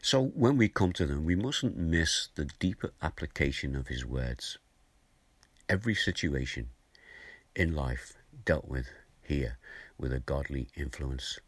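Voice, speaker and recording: An older man giving a gentle, conversational morning devotional as a preacher, reading and explaining a scripture verse. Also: rumbling low, expressive, measured pace, husky, dry recording. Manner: gentle, conversational, chuckles now and then.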